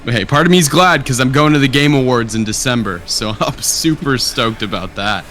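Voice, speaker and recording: Bright, upbeat American guy. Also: mid-range voice, moderate pace, slight background noise. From USA. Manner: upbeat, enthusiastic, laughs easily. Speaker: fellow streamer on a game call. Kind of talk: casual gaming chat.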